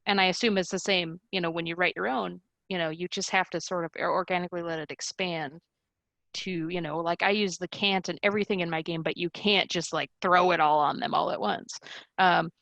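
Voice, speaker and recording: A woman with a slightly low voice talks casually on a game-mastering panel, full of fillers and quick laughs. Her sound is dry and close to the mic. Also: fairly even intonation, vocal fry, a bit bright, no room sound, rough recording. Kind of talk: panel discussion chat.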